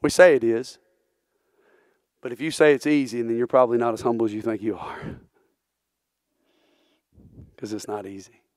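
A man's voice: mid-range voice, fairly quick, pauses often, a little mellow, no echo. Man, church preacher, earnest sermon, rhetorical questions, dry close sound. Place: church sanctuary.

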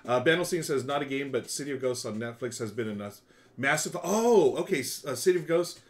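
A man's voice: medium pitch, animated, a little fast. A man hosting a casual live stream from home, upbeat and thanking viewers by name as he chats.

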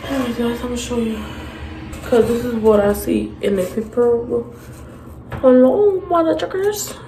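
In her grandmother's bathroom, a woman talks casually to the camera in a level, high-ish voice at normal speed. Hyper and playful, she squeals and makes beeping noises, while the recording picks up echo and noise.

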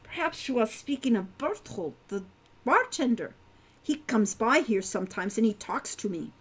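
A woman doing a prim young centaur girl from a storybook, high and lively, speaking in careful formal sentences. She sounds earnest and a little proper. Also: normal speed, breathy edge. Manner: formal, avoids contractions. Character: prim fourteen-year-old centaur farm girl.

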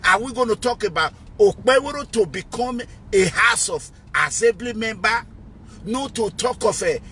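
High, bright-voiced Nigerian man rallying. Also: expressive, normal speed, slight background noise. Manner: emphatic, repetitive, rallying. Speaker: political activist host. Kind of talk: live-stream political talk.

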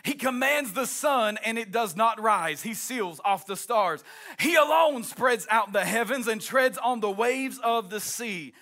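A male pastor preaching an impassioned sermon, rising into shouts and a sing-song cadence, then dropping into folksy asides. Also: very high voice, animated, measured pace, faint music behind.

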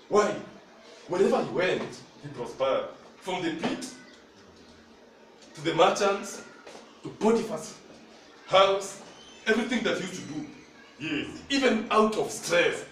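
A man's voice: high-pitched, big pitch swings, measured pace, pauses often, a bit bright, a little hiss or hum. A man with a Kenyan accent preaching a sermon, mixing Swahili and English and calling on the congregation for responses. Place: church hall. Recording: echoey hall, mic at a distance.

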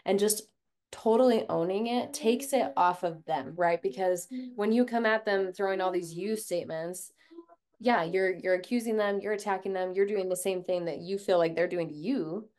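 A woman's voice: mid-range voice, normal speed, darkish tone. A woman hosting a podcast interview, affirming her guest and adding her own thoughts conversationally. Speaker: podcast host.

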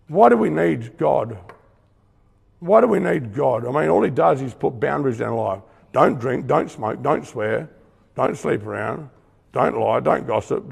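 A man's voice: mid-range voice, vocal fry, a little mellow, slightly rough, in a large hall. A middle-aged Australian man giving an earnest, emphatic testimony sermon in a conversational way, with acted-out asides. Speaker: preacher.

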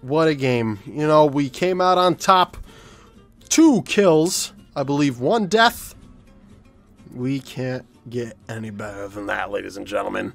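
Excitable young man swearing through gameplay. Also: medium pitch, takes it slowly, faint music behind. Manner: excitable, swears a lot, swings from mumbling to yelling. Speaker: gaming YouTuber. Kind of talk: live gameplay commentary.

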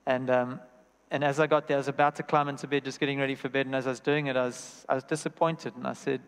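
Earnest preacher in a reverberant hall. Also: male voice, medium pitch, level tone, quick pace, smooth. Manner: earnest, personal storytelling with repeated phrases. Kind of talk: sermon. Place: church hall.

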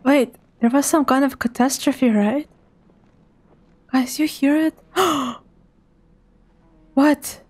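A woman's voice: high voice, slow pace, pauses often, a little mellow. A woman streamer giving live commentary on a horror game, talking to her chat and dropping to a whisper when she gets scared.

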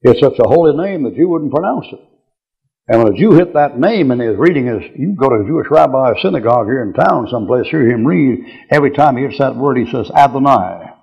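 Older preacher, gravelly and husky, blunt folksy lecture style, muffled old tape. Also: male voice, mid-range voice. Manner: folksy, blunt, chuckling asides. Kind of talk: bible teaching lecture.

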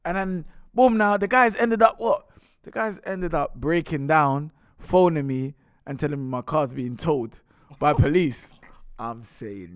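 Brief: man, co-host, animated storyteller, fairly high voice. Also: a little slow, clear, resonant tone, no echo, clean studio sound. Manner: animated, acts out dialogue. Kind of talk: casual storytelling chat.

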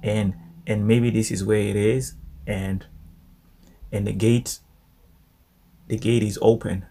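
A man teaching a devotional Bible study in an animated way, repeating phrases for emphasis. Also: on the low side, slow, creaky, a little hiss or hum.

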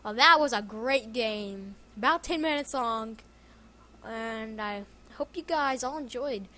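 A woman giving casual gameplay commentary as a video game YouTuber, excitable and jokey, often yelling and laughing at the match. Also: a little high, measured pace. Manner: jokey self-talk. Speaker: gaming YouTuber.

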